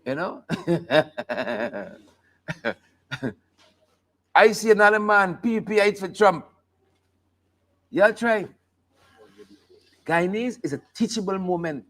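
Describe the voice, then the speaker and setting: A man's voice: high voice, expressive, slow, long pauses, a bit bright. A man hosting a live talk show, joking and commenting on the news in a playful, casual way. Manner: joking, playful, sings snippets and laughs often.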